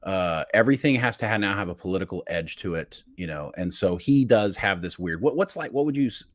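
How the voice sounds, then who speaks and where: A man hosting a podcast in casual chat, animated and teasing as he steers the talk. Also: deep voice, brisk, no echo. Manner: animated and teasing, leading the show. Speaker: podcast host.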